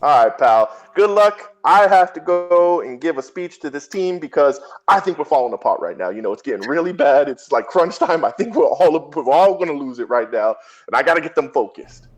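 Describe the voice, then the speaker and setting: A man's voice: fairly high pitch, lively intonation, brisk, few pauses, close to an everyday voice. A man voicing a confident young team captain who coaches a friend in a casual, slangy way. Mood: encouraging.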